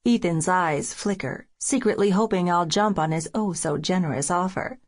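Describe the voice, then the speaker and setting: A woman's voice: lowish voice, moderate pace. Wry woman reading a romance audiobook. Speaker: audiobook narrator. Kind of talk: first-person scripted narration.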